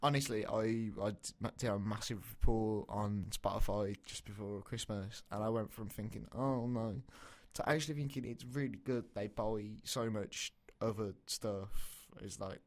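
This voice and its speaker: A man's voice: lowish voice, fairly even intonation, normal speed, hardly any pauses. A young man with a Birmingham accent, co-hosting a podcast, chatting and giving opinions. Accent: Birmingham English. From Birmingham, England. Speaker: podcast co-host. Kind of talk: casual chat.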